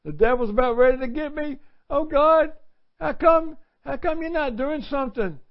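A preacher voicing a desperate man who begs God for help in a high, strained, whining voice. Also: moderate pace. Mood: desperate pleading. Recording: dull lo-fi recording.

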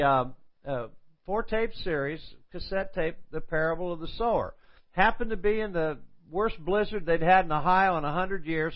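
An older man preaching, telling a personal testimony in a storytelling way and acting out the people he quotes. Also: a little high. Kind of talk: sermon testimony. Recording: dull lo-fi sound.

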